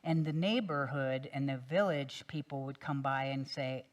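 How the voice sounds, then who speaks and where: A woman minister telling a parable during a sermon in a relaxed, gentle storytelling manner. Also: extremely low pitch, moderate pace, few pauses.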